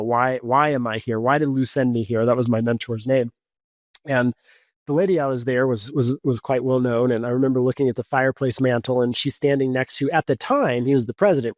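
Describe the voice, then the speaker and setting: A man's voice: mid-range voice, fairly even intonation, a little fast, darkish tone, no echo. A man in his forties from Kansas, a coach telling stories as a podcast guest in a loose, rambling way, full of "like" and "you know". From Kansas, USA. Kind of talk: casual podcast storytelling.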